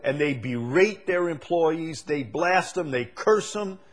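A man's voice: on the high side, animated, slow. A male preacher giving a sermon, asking the same question again and again and building to emphatic peaks.

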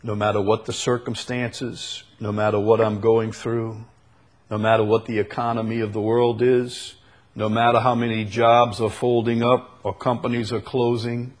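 A man preaching a sermon, slow and emphatic, repeating key phrases for weight. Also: medium pitch, flat delivery. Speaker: pastor.

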